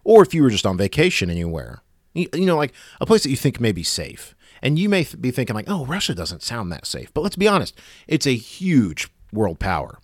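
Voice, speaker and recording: A man's voice: medium pitch, huge pitch swings, a little fast, no room sound, clean studio sound. A man delivering a sarcastic, exasperated rant in a monologue. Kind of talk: ranting monologue.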